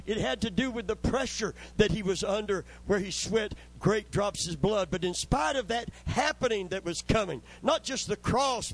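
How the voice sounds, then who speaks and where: A man's voice: high-pitched, rough recording. A man preaching a sermon with fervent, call-and-response delivery, often calling for amens.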